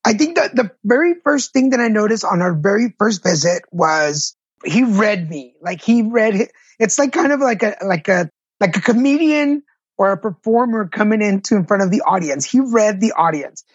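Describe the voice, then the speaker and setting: A man's voice: sits high, lively intonation, normal speed, husky, no echo, highs cut off. A middle-aged man, a patient advocate, telling his personal story in an interview, earnest and candid. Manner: earnest, candid, self-deprecating.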